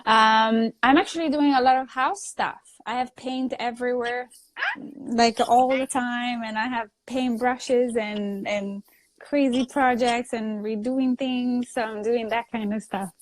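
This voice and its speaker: A woman with an Italian accent, a native Italian speaker, chatting as a guest, telling lively stories and laughing often. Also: fairly high pitch, measured pace, slight background noise. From Italy. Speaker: guest actor. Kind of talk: casual chat. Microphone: phone on a live video stream.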